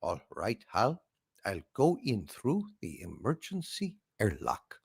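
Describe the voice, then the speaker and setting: A man doing a curt, gravelly astronaut. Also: fairly low pitch, huge pitch swings, slow pace, a little mellow, no echo, studio quality, pitched below the performer's own voice, exaggerated voice. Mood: stern. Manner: curt, demanding. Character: stern male astronaut talking to his ship. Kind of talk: comedy sketch.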